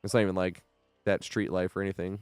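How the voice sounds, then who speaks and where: A young man chats while he streams a game, spinning loose, laughing stories with plenty of swearing. His voice comes through smooth and clear, and the sound is dry, with no room echo. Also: low voice, little pitch movement, quick pace. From New York area. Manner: rambling storytelling with frequent laughs and swearing. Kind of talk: casual chat while streaming.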